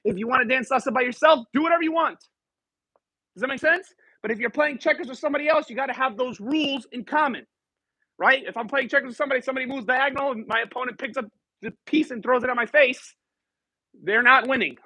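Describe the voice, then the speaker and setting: Male dance instructor leading a class, bilingual, playful, counts steps aloud; very high, bright voice, dry. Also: fast talker, husky, no echo. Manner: counting steps aloud, mixing English and Spanish, joking with students. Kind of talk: teaching a live dance class. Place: dance studio.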